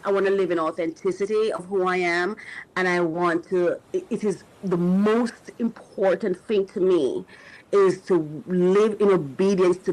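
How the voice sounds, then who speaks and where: A woman's voice: on the low side, rough recording. A middle-aged woman hosting a podcast, talking in an emotional, searching way about faith, often restarting as she looks for words. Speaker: podcast host and coach. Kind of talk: reflective spiritual talk to listeners.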